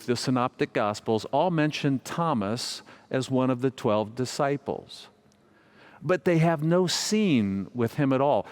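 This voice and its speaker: A man's voice: mid-range voice, darkish tone. A male pastor giving a sermon, telling a funny story in a conversational, self-deprecating way.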